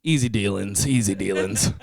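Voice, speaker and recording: A woman hosting a casual podcast interview, chatty and teasing, with a joking, relaxed way of talking. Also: extremely low pitch, moderate pace. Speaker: podcast host.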